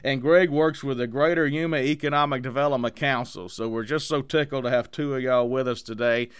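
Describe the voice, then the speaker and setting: A man's voice: medium pitch, steady tone, brisk, clear, resonant tone, no echo, clean studio sound. An enthusiastic man hosting a casual podcast interview, upbeat and friendly in manner. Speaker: podcast host.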